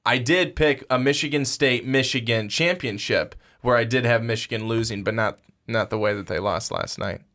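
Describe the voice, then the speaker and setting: A man's voice: mid-range voice, moderate pace, few pauses, a bit bright. Dry, wisecracking podcast man. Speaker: podcast co-host. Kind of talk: casual sports podcast chat.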